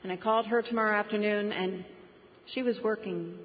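A woman's voice: medium pitch, steady tone, slight background noise. Woman sharing her story in a reverberant hall. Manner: storytelling, slow deliberate emphasis on key words. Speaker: speaker sharing her story at a recovery meeting. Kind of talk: personal testimony to a group. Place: meeting room before a group. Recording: dull recording with long hall reverb.

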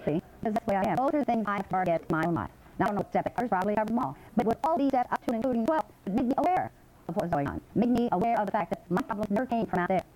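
A woman's voice: medium pitch, darkish tone, low-quality recording. An older woman giving a rambling, folksy personal testimony at a recovery meeting.

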